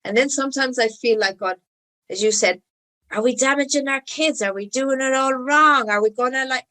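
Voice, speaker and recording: A woman's voice: high voice, normal speed, pushed and bright. A woman guesting on a podcast as a mother, chatting casually and agreeing emphatically.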